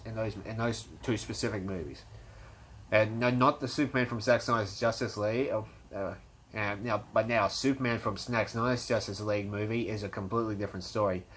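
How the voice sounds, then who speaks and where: A man giving a casual fan-debate monologue, rambling and excited, with frequent restarts and a stutter he mentions himself. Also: lowish voice, slight background noise. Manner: enthusiastic, casual swearing. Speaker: fan commentator.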